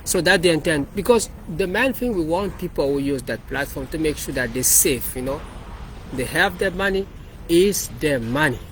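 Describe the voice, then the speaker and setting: A man's voice: on the high side, expressive, moderate pace, fairly bright tone, a little hiss or hum, rough recording. Rambling man walking through his code. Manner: rambling, repeats and restarts phrases. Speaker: developer presenting his project. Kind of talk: casual walkthrough of code.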